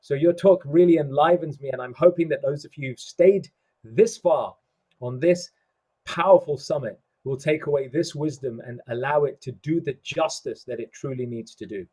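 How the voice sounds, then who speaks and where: A man hosting an online spiritual summit over a video call, speaking slowly and deliberately and reciting scripture. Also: on the high side, mellow, husky, poor audio. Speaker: summit host. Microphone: video call microphone.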